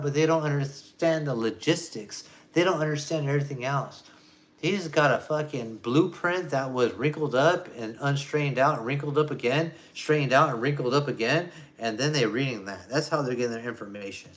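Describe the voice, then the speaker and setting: A man ranting to camera as a vlogger, profane and emphatic, swinging between loud jabs and low mutters.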